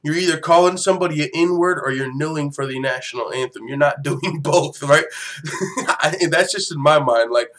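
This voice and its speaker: A man's voice: a little high, moderate pace. Swearing, laughing man ranting on a show. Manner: profane, animated, laughs often. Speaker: MMA news show host. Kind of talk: casual commentary rant.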